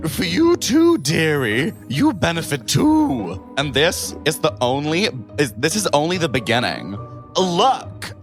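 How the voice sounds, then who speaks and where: A man's voice: a little high, wildly swooping pitch, measured pace, music in the background. A man voicing a scheming Wizard as a bubbly Valley Girl in a comic read-through of a musical scene.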